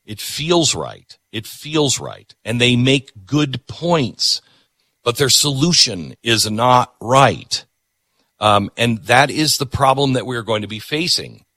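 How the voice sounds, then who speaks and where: A man's voice: medium pitch, expressive, slow, sharp tone, dry recording. A middle-aged man hosting a talk show, giving emphatic, repetitive political commentary.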